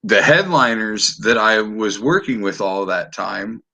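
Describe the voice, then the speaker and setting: A man's voice: fairly low pitch, measured pace, bright, forceful tone, husky. A man hosting a podcast, chatting casually and animatedly, swearing freely and often restarting his sentences. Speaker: podcast host. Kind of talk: casual chat.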